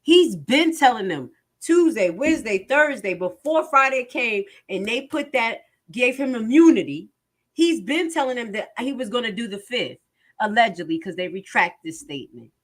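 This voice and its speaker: A woman with a slightly high voice reads court transcripts aloud at a moderate pace, her intonation lively. She comments emphatically, repeats phrases and frequently puts questions to her viewers.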